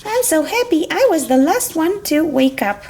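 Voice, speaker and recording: A woman's voice: extremely high pitch, very animated, normal speed, a crowd in the background, voice pushed up, heavily acted. A woman voicing a cheerful little goat in a kids' toy video, sing-song and childlike.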